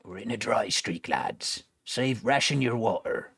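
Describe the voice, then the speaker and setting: A man putting on a gruff pirate sailor voice while playing a game. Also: lowish voice, animated, measured pace, a bit bright, no room sound, heavily acted. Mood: mock grim.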